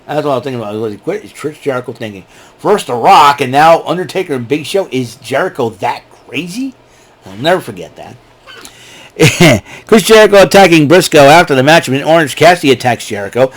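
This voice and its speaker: Lively guy rambling through a wrestling recap, voice jumping all over, laughs a lot. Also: fairly high pitch, brisk. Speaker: wrestling show reviewer.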